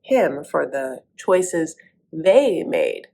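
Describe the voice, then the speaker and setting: A woman's voice: low voice, huge pitch swings, very slow, gravelly, mellow. Sassy woman recapping reality TV. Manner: sassy, sarcastic, calls listeners honey. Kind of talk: comedic commentary.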